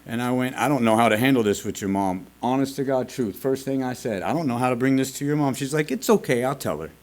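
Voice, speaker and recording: A man speaks at a recovery meeting in a school meeting room. His voice sits at an ordinary middle pitch. He tells his own story in a candid, earnest and confessional way, with casual swearing mixed in. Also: fast talker, a little mellow.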